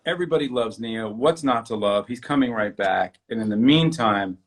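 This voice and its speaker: A man's voice: medium pitch, normal speed. A man hosting an art talk show on a live stream, chatting casually and greeting viewers by name. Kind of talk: casual livestream chat. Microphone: webcam on a live video stream.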